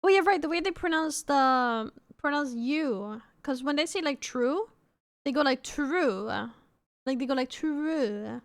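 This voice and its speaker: High-voiced woman with a Swedish accent. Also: normal speed. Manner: chatty, laughing, greets viewers. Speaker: streamer. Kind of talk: casual chat reacting to videos.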